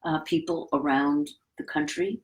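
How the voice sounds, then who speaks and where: A woman's voice: low-pitched, steady tone, a little slow, poor audio. A middle-aged woman, a conductor, telling a reflective anecdote in a casual interview. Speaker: guest, orchestra conductor.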